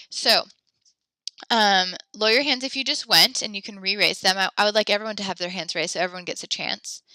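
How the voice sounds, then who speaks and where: Young woman French teacher, bright voice, encouraging, chatty, dry close sound. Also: medium pitch, dry recording. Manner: upbeat, encouraging, chatty with fillers. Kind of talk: online class lesson.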